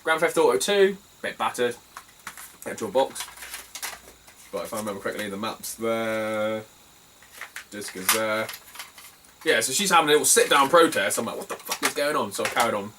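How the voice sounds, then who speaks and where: A man's voice: fairly low pitch, expressive, moderate pace, pauses often, distant mic, noisy background. A British man chatting casually in a vlog about his retro game finds, rambling, swearing freely and laughing as he tells stories. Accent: British English. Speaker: retro game collector vlogger.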